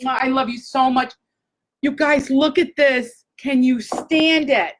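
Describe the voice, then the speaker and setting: A woman hosting a casual live chat, gushing and excitable, talking straight to her viewers. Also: high-pitched, measured pace, a little hiss or hum, poor audio. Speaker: host.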